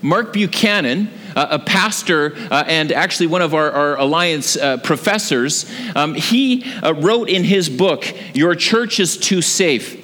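A man preaching a sermon, telling a story with lively delivery and frequent ums and uhs. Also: a little high, measured pace, few pauses, a little hiss or hum. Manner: animated storytelling with frequent fillers. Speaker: pastor. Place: church sanctuary. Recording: long hall reverb.

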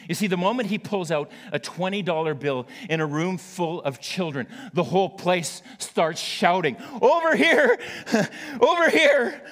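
A man's voice: a little high, moderate pace, hardly any pauses, big-room sound. A male pastor preaching a sermon to his church, telling a story with playful asides to the congregation.

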